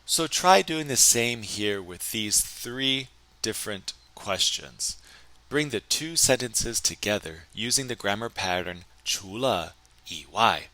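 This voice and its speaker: Man teaching slowly with a bright voice. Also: on the low side, expressive. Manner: slow, careful model sentences in Chinese between English explanations. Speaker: Chinese language teacher. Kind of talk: recorded grammar lesson.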